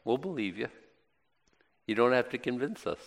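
A man's voice: medium pitch, animated, normal speed, vocal fry. A man with a Boston accent teaching scripture in a folksy, rambling way, often restarting his sentences. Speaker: preacher. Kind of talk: casual Bible teaching. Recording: long hall reverb.

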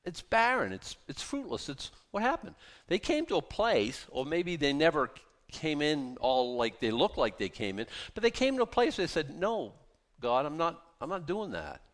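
A man preaching a sermon as pastor, animated and emphatic, repeating key phrases for weight. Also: on the high side, moderate pace.

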